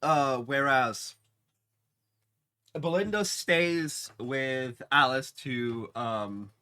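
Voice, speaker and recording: A man talks through a TV episode in a loose, unscripted recap. He speaks slowly and often stops to restart his sentences with ums and uhs. His voice has a bright, forward edge. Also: mid-range voice, smooth. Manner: rambling, many fillers and restarts. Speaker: TV episode reviewer. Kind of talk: casual spoken episode recap.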